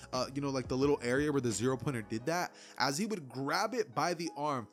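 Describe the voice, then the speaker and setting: Rambling young man telling a story. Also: on the high side. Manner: rambling, many fillers like "like" and "you know". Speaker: YouTuber. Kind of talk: casual what-if storytelling.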